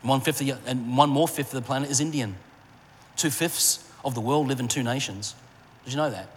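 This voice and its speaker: A middle-aged man preaching a sermon and telling a personal story, rising in pitch for emphasis and dropping low and soft in his memories. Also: fairly quick, husky. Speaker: pastor. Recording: long hall reverb, faint ambient noise.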